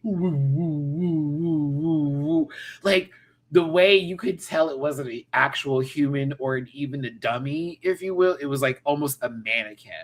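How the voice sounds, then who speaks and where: This host, a man in his 30s, speaks with a medium pitch at a moderate pace. He's delivering a laid-back rant about pop culture. Campy and sassy, he laughs often.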